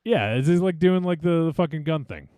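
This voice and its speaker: A man's voice: fairly high pitch, a little fast, dry recording, clean studio sound. A man hosting a podcast, bantering casually with plenty of swearing and laughter. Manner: animated, swearing, laughs often. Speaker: podcast host.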